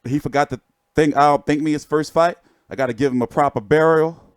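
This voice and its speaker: Joking, profane boxing-channel host. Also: male voice, fairly high pitch, fairly quick, clean tone, dry recording. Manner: joking, profane, rambling show-and-tell. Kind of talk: casual livestream chat.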